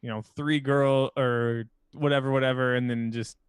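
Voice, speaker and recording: A man's voice: medium pitch, steady tone, normal speed, clean tone, dry recording, clean studio sound. A man co-hosting a podcast in casual chat, laid-back, saying "yeah" over and over and telling stories with quoted lines. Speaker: podcast co-host.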